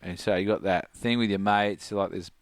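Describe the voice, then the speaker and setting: A man's voice: low-pitched, normal speed, smooth, no echo. A middle-aged Australian man, a surf coach, animatedly telling stories as a podcast guest and acting out his friends' voices. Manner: animated, acts out friends' voices, laughs often. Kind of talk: casual storytelling.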